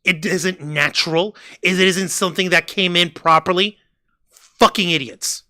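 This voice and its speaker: A man co-hosting a wrestling review podcast, ranting loudly with plenty of profanity. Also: sits high, steady tone, measured pace. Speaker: co-host. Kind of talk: casual wrestling review chat.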